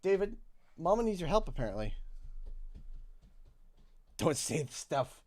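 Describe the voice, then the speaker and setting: A man's voice: a little high, very animated, a little slow, a little mellow. Rambling Canadian man streaming a game. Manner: rambling, talks to himself while clicking through menus. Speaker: gaming live streamer. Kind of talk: casual live-stream gaming commentary.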